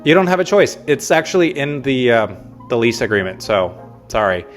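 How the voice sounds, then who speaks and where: A man's voice: medium pitch, very animated, moderate pace. A young man from Minnesota, a realtor, talking casually to camera in an upbeat, playful way with mock-stern asides. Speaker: realtor and relocation vlogger. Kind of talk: casual talking-head vlog. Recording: faint music underneath.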